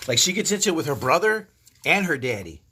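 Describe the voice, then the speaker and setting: Livestream host, man in his 50s, husky and fairly high-pitched, swearing, animated casual chatter. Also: fast. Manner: profane, animated storytelling with laughs. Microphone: phone.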